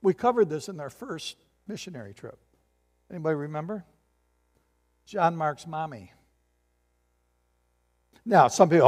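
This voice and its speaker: Male pastor, higher voice, animated preaching style in a reverberant hall. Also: moderate pace. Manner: animated, acts out voices and asks the congregation questions. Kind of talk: sermon.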